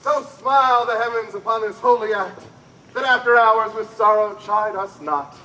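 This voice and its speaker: A man's voice: sits high, moderate pace, bright, forceful tone, slight background noise, rough recording. A man acting the part of a solemn friar giving a blessing in a live Shakespeare performance.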